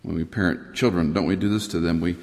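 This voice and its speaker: A middle-aged man preaching a sermon, earnest, rising high for emphasis and dropping to a near whisper. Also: fairly even intonation, fast talker. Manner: earnest, rises in pitch for emphasis, drops to a near whisper at times. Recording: long hall reverb.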